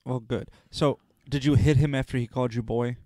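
Mid-pitched man chiming into chat. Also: fairly even intonation, a little fast, dark tone, no echo, studio quality. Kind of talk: casual chat.

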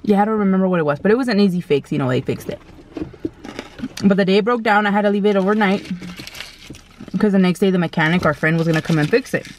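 A woman's voice: mid-range voice, fast talker, long pauses, a little mellow, a little hiss or hum. A woman vlogger telling a story in a casual, blunt way, with slang and mild swearing, while she eats. She acts out quoted lines in a raised, exclaiming voice.

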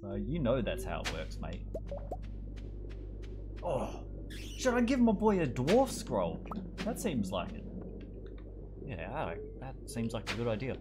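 A man's voice: mid-range voice, huge pitch swings, a little slow, pauses often, over music. A young man streaming a game, casually joking and teasing his live chat, laughing often.

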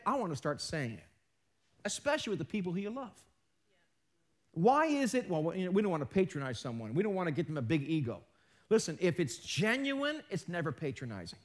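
High-voiced joking male pastor. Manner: joking, self-mocking asides; talks with his hands. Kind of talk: live sermon. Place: church sanctuary.

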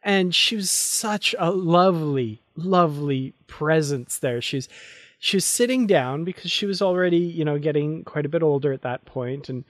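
A man co-hosting a podcast, recalling a fan memory in casual chat, warm and admiring with restarts. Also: on the high side, normal speed, no room sound. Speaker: podcast co-host.

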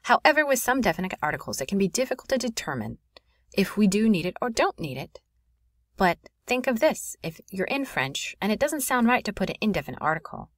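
A woman teaching a French grammar lesson in a clear, explanatory voice. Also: mid-range voice, no echo, studio quality. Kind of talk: recorded classroom lesson.

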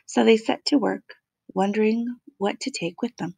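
A woman reading a children's picture book aloud in a measured, expressive way, savoring the alliteration. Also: fairly high pitch, creaky, husky, no echo. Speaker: storyteller.

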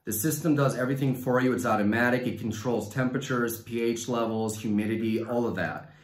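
A science communication finalist with a Mexican Spanish accent explains his research to a panel with upbeat enthusiasm, then takes audience questions. His middle-pitched voice moves fairly quickly, and there's noticeable room echo.

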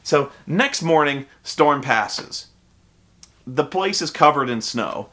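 A man's voice: on the high side, animated, slow pace, fairly bright tone. A man in a casual, profane film review rant, exasperated and full of restarts.

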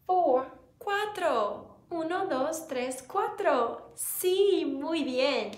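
A woman teaching a virtual preschool lesson in a slow, playful, singsong way with little sound effects. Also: high voice, expressive, echoey room, a little hiss or hum.

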